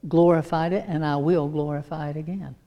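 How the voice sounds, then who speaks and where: A woman voicing God as a tender father, speaking low, slow and hushed. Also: steady tone, lo-fi sound.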